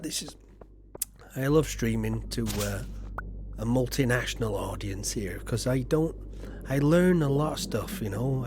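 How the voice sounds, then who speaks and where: A man's voice: medium pitch, slight background noise. A man from England, streaming a farming game and chatting casually in a rambling, self-deprecating way with lots of fillers. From Yorkshire, England. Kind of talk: casual chat while playing a game.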